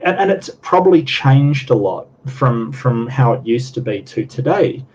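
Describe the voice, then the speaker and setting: A man's voice: mid-range voice, lively intonation, a little slow, a little mellow. Man arguing over dull lo-fi audio. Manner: emphatic, argumentative, repeats words while restarting. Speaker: panelist on a skeptic discussion show. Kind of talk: casual debate chat. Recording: dull lo-fi audio with faint hiss.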